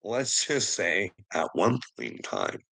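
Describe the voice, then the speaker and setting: Male ranter, forceful and tense, heavy swearing, low mutters to shouts. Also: wildly swooping pitch, takes it slowly, creaky, slightly rough, poor audio. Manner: laughs between lines. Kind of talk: profane emotional rant.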